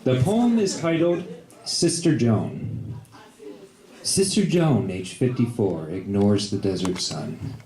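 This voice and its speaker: Man reciting a comic poem, echoey. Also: deep voice. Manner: relaxed, amused delivery. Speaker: open mic performer. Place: cafe open mic. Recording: echoey cafe room.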